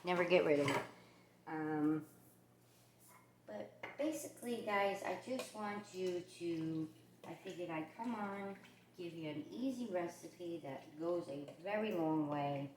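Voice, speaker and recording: A woman's voice: on the low side, measured pace, a little mellow, roomy sound, a little hiss or hum. A woman from the New York and New Jersey area with a New York accent, chatting casually as she demonstrates a recipe in her home kitchen. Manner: chatty, rambling, with many fillers. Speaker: cooking channel host.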